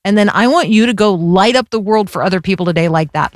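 A woman hosting a faith radio show, speaking in a reflective, unhurried way and closing with an encouraging exhortation. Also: medium pitch, faint music behind. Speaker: radio host. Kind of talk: faith radio interview and sign-off.

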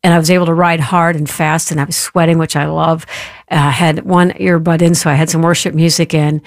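A woman hosting a faith podcast, speaking earnestly and encouragingly with quick asides. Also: low voice, flat delivery, no echo, clean studio sound. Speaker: radio podcast host.

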